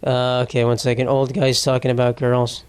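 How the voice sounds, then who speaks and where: Clear and resonant, this podcast host's mid-range voice carries a darkish tone, at normal speed and with a completely flat delivery and no room sound. The man, in his twenties, rambles through a profane comedy monologue with many restarts.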